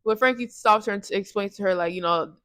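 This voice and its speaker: A woman's voice: mid-range voice, fast talker, fairly bright tone, no room sound. A woman casually recapping a movie for her review channel, rambling in slang and often correcting herself. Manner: rambling, slangy, self-correcting with restarts and laughs.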